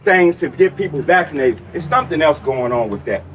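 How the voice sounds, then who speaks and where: A man's voice: on the high side, lively intonation, fairly quick, a bit bright, slight background noise. A man arguing in a heated street debate, stammering and pushing back. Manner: stammering, argumentative. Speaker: interviewee on the street.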